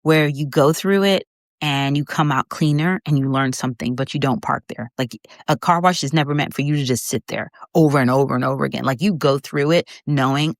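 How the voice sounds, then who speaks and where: Woman, low-pitched, middle-aged, faith podcast host, conversational, near tears, dry sound. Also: fairly quick, no echo. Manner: heartfelt, conversational, addresses listener as friend. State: holding back tears. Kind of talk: faith-based podcast monologue.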